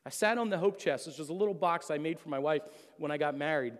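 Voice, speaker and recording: A man's voice: a little high, fast. A middle-aged man giving an earnest, emotional personal testimony to a church congregation. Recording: long hall reverb.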